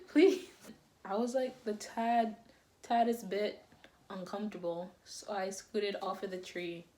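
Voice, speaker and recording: Slow, giggly young woman telling a story. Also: mid-range voice. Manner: giggly, breaks into laughter often; animated, dramatic retelling. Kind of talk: casual storytime chat.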